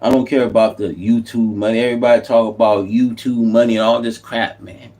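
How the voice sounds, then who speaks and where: A man's voice: fairly low pitch, level tone, fairly quick, a little mellow. Impassioned man preaching a political rant. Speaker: YouTube commentator. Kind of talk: unscripted political monologue.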